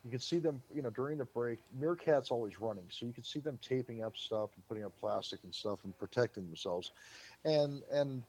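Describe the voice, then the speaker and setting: A man, a publicist, telling show-business stories in a lively, casual way on a podcast and acting out what people said. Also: medium pitch, brisk, breathy edge. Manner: lively anecdote-teller, acts out quotes.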